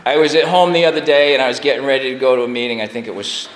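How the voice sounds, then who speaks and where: A man in his forties shares a personal story at a recovery meeting in an animated, self-deprecating way, often laughing at himself. His mid-range voice rings around a roomy hall with a long reverb tail. Faint room noise sits underneath. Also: medium pitch, rapid-fire.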